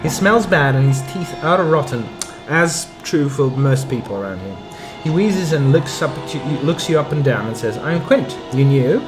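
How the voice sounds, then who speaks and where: A man's voice: on the high side, lively intonation, moderate pace, hardly any pauses. A man casually commenting on a game he is playing, reading its text aloud with muttered asides. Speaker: game streamer. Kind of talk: casual let's-play commentary. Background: game music.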